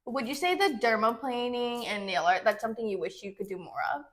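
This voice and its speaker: A woman's voice: fairly high pitch, fairly quick. A woman hosting a casual podcast interview, asking questions and chiming in with short agreements. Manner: asks questions, affirms often with laughs and "mm-hmm". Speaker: podcast host.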